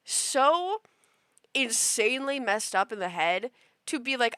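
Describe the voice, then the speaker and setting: Woman, twenties, streamer, casual storytelling, bright voice, dry close sound, acts out quotes. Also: a little high, slow pace, smooth, no room sound. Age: 20s. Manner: animated, acts out quotes, sudden loud outbursts.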